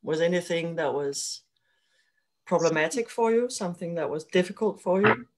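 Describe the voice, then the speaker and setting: A woman's voice: lowish voice, moderate pace. A woman from Denmark interviewing a guest, asking curious, encouraging questions. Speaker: interviewer, book club moderator. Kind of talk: casual video interview.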